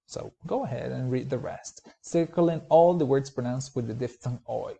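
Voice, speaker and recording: A man gives a recorded pronunciation lecture in a warm, relaxed tone at a middling pitch. He explains mouth positions and stretches each example word slowly so students can copy it. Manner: explanatory, slows to model words clearly. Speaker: pronunciation teacher.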